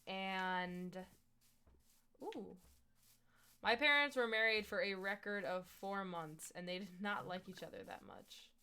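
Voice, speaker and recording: A woman's voice: medium pitch, slow pace, bright, forceful tone, smooth. A young woman from the US Midwest chatting casually on a gaming live stream, rambling through stories and talking to game animals as she plays.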